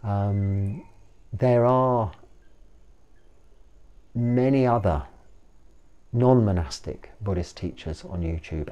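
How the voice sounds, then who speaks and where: An English man in his fifties, a Buddhist monk, answering a viewer's question in a relaxed, rambling way with frequent ums and restarts. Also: on the low side, slow pace, long pauses, muffled recording. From England. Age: 50s.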